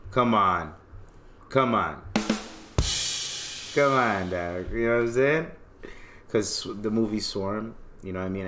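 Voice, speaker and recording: A man's voice: on the low side, a bit bright. A man from Canada hosting a podcast in casual chat, joking, slangy and self-mocking. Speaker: podcast host.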